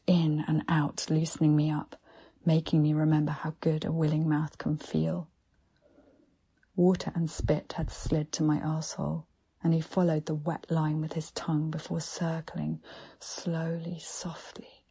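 A woman narrating an erotic story in a slow, hushed, breathy half-whisper. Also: low-pitched.

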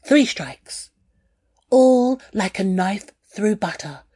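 A woman reading her own first-person memoir aloud in a candid, unhurried storytelling manner. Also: medium pitch, animated, warm tone, breathy edge, no echo. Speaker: narrator.

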